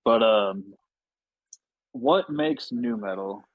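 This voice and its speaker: A man's voice: medium pitch, very slow, no echo, phone-quality sound. A man talking loosely on a podcast, full of fillers and casual swearing. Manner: laid-back, swears freely, many fillers. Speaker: podcast guest. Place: podcast studio.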